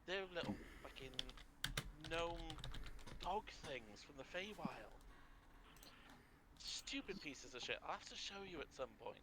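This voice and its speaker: A man's voice: on the high side, very animated, measured pace, background noise. A man playing a tabletop role-playing game, chatting casually and swearing freely. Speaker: player.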